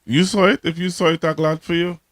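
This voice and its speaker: A man's voice: a little high, fairly even intonation, a little fast. A man with a Trinidadian accent hosting a casual call-in talk show, teasing callers and repeating himself mockingly. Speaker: radio talk show host.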